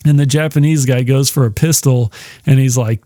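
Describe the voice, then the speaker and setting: A man with a mellow, darker voice talks through a film comparison in a loose, rambling way. He swears freely, chuckles often and leans on fillers. The sound is dry, with little room in it. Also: medium pitch, steady tone, normal speed, no echo. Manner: profane, laid-back, chuckling, with lots of fillers. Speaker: podcast host.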